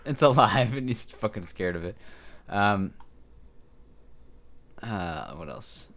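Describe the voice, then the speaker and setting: A man's voice: lowish voice, lively intonation, slow, a bit bright. A young man co-hosting a casual podcast, often laughing hard and swearing. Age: young adult. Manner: breaks into helpless laughter, swears. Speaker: podcast co-host. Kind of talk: casual chat.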